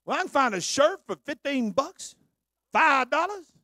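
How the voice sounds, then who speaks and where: Man, preacher, sermon, shouted sung delivery, soft instrument behind. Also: big pitch swings, a little slow, faint music behind. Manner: swings from low conversational talk to shouted, sung preaching.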